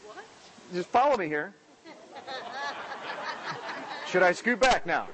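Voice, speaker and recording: A man preaching a sermon in a church, praying and then telling jokes with lively acted-out voices. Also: drawn-out words, a crowd in the background, noisy background. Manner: animated storytelling, acts out characters with raised pitch. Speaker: pastor.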